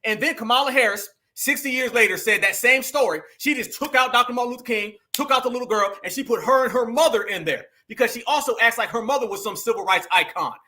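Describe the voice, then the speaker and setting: A man in talks straight to his audience like a preacher, calling them family. His voice sits high and rings bright. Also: fast, hardly any pauses. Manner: preachy, addresses viewers as family and y'all. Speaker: political commentary host. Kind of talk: casual political commentary.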